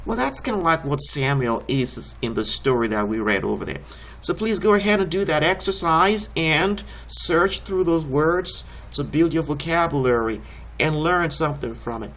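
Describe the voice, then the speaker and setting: A man's voice: a little high, animated, normal speed, fairly bright tone. A man teaching a recorded homeschool lesson, explaining each step patiently and encouragingly.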